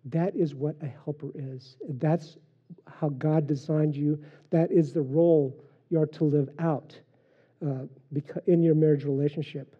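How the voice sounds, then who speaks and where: A man preaching a sermon in a relaxed, conversational way, with frequent fillers and personal stories. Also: on the high side, measured pace, slightly rough. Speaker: pastor. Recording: dull lo-fi sermon recording.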